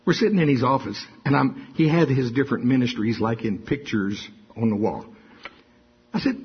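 An older man preaching a sermon full of stories, talking in an animated, folksy way that often repeats itself. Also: medium pitch, moderate pace, breathy edge, dull audio. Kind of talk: sermon with storytelling.

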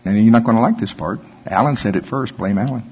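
A man's voice: lowish voice, fast talker, husky. A man preaching a conversational sermon, joking and acting out whiny voices. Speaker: pastor. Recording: dull sound with long hall reverb.

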